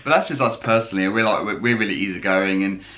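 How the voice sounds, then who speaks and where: Easygoing man with a low, bright voice. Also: fast talker. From United Kingdom. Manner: easygoing, agreeable, interjects often. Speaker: travel vlogger. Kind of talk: casual chat.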